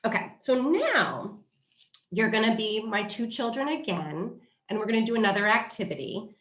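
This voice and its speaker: A woman hosting a parenting workshop, talking in a lively way and acting out what parents and children say. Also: fairly high pitch, moderate pace, roomy sound.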